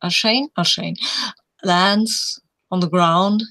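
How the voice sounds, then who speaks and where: A woman narrating her character's scene in a tabletop story game. Her voice sits a little low, and she talks slowly and casually with small hesitations. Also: fairly even intonation, bright, forceful tone. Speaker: player.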